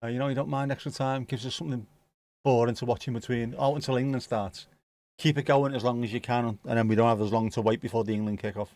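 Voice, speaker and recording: A man in easy, sweary live match commentary, talking loosely to his viewers between plays. His voice sits at a middling pitch. The sound is dry and close. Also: fairly even intonation, fast talker, a little mellow, dry recording. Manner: chatty, sweary, laid-back. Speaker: streamer hosting a football watchalong.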